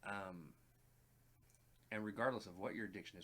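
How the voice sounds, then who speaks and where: A man's voice: on the low side, fairly even intonation, moderate pace, pushed and bright, a little hiss or hum. A man co-hosting a music reaction video in casual chat, speaking earnestly and plainly, often addressing viewers directly. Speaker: reaction channel co-host.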